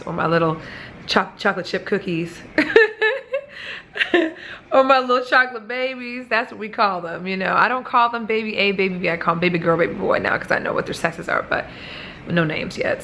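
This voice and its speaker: In this casual vlog, a young pregnant woman from the American Midwest chats bluntly to the camera, cursing freely and using lots of fillers. Her fairly low voice sounds pushed and bright, and there's slight background noise.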